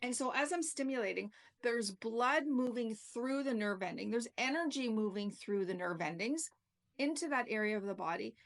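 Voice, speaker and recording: A woman's voice: a little high, lively intonation, moderate pace, creaky. A middle-aged woman reflexologist telling a story and explaining her practice in a chatty, casual way, often saying "like" and "okay?". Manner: chatty, peppers talk with "like" and "okay?". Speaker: reflexologist and yoga teacher.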